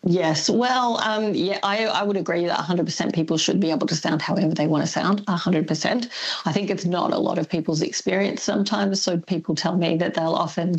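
A woman's voice: on the low side, fairly quick, husky, dull audio. A woman speaking as an expert guest in a radio interview, thoughtful and hedging, often laughing lightly.

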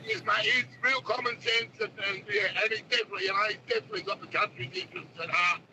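A man's voice: high voice, rapid-fire, bright, forceful tone, a little hiss or hum, low-quality recording. A man with an Australian accent calling into talkback radio, rambling and calling the host mate. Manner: rambling, says mate a lot. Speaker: caller.

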